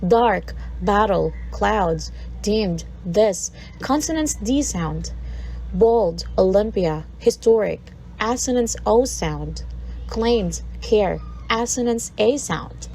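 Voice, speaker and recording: A woman's voice: mid-range voice, animated, slow pace, warm tone, a little hiss or hum, rough recording. A woman from the Philippines presenting a recorded literature lesson, reading a poem aloud and breaking down its sounds word by word.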